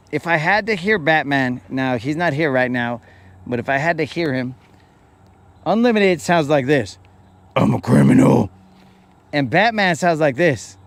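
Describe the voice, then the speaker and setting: A man's voice: fairly high pitch, fairly bright tone. A middle-aged man hosting a fishing livestream from a boat on a lake, chatting and joking with viewers in a rambling way. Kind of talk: casual live-stream chat.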